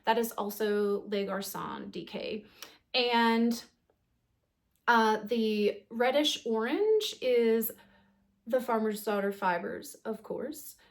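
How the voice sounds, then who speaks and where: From her home knitting corner, a woman hosts her knitting podcast, chatting casually through a show-and-tell. Her voice is on the high side and slow, full of ums and restarts.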